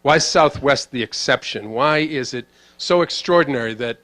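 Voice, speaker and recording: A man moderating a talk, asking probing questions in quick succession. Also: mid-range voice, fairly bright tone. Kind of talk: interview questions.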